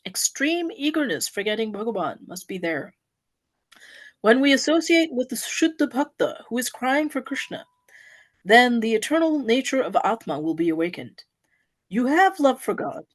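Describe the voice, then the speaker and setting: Woman reading a devotional parable: earnest and expressive, with a fairly high, lively voice. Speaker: devotee giving an offering. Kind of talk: reading a devotional story aloud.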